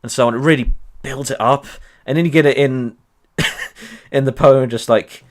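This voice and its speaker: A medium-pitched male voice at normal speed belongs to a history livestream host in his 30s. His talk is casual and rambling, with many ums and frequent laughing.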